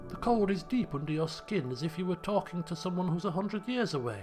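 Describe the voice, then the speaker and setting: A man hosting a game playthrough, reading narration in a lower, measured voice and adding wry comments. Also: expressive, a little mellow, faint music behind. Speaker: let's play host.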